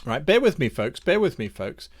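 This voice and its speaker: On a live stream, a male game master designs a campaign, reading viewer suggestions out loud and musing as he goes. He hesitates and repeats names to try them out, his fairly high voice moving in a sing-song way at a normal pace.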